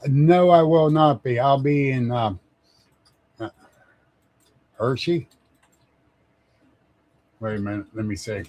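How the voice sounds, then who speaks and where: A man's voice: medium pitch, steady tone, slow, long pauses, a little mellow, no echo. A man hosting a casual live stream, rambling, chuckling often and greeting viewers by name. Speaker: livestream host.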